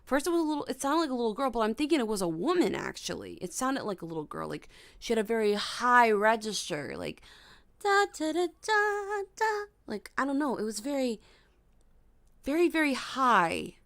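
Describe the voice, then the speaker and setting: A young woman hosting a casual livestream from her bedroom at night, startled, sometimes hushed and humming melodies high. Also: expressive, a little fast, no echo. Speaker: livestream host.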